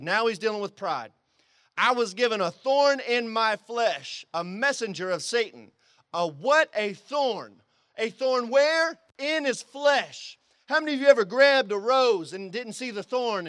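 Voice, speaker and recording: A man with a very high voice preaches to his congregation, recorded close and dry. He swings between shouting emphasis and quiet, low-voiced passages, and repeats phrases to drive points home. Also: no echo. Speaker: pastor. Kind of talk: sermon. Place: drive-in service.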